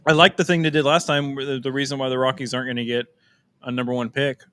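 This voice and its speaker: Young guy co-hosting a stream, rambly and laughy, mid pitch. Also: fast. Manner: animated, laughs often, trails off and restarts. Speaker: co-host. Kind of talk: casual live-stream chat.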